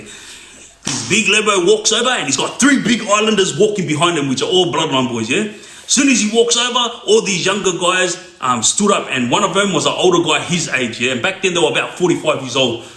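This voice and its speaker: A man's voice: on the high side, animated, brisk, sharp tone, echoey room. A man telling a crime story casually, streetwise, often checking in with "yeah?". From Australia. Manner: streetwise, repeats "yeah?" to listener.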